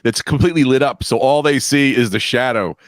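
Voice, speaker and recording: A man's voice: fairly quick, no echo, clean studio sound. A man co-hosting a comedy podcast, joking in casual banter and jumping into mock voices. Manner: jokey, lively, bursts into high mock voices.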